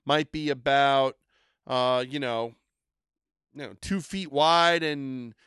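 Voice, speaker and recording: A man's voice: mid-range voice, slow pace, a bit bright, clear, resonant tone, no room sound, studio quality. An enthusiastic man co-hosting a casual podcast, rambling a bit as he hypes collectible toys and products.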